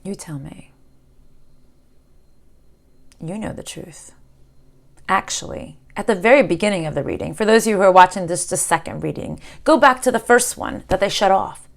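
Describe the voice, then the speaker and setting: Woman tarot reader speaking to camera, impassioned, with sudden drops to hushed tones, mid-range pitch. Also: expressive, fairly quick, creaky. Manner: impassioned, swinging from loud outbursts to hushed near-whispers. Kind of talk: spiritual tarot reading to camera.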